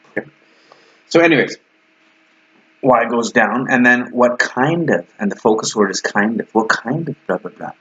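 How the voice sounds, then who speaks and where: A man's voice: mid-range voice, animated, normal speed, pauses often, a bit bright. A man teaching English conversation to camera in a casual way, acting out both sides of sample dialogues. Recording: slightly dull lo-fi sound.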